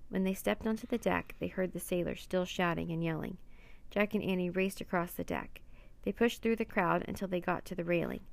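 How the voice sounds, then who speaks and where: A woman reading a children's adventure book aloud in a steady, even storybook manner. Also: on the low side, gravelly.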